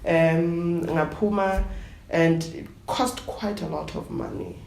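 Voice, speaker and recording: A woman traditional healer from South Africa, telling her story at a roundtable in an animated way, often acting out what others said. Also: lowish voice, slow pace, vocal fry. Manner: code-switching, animated retelling with quoted voices. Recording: echoey room with faint noise.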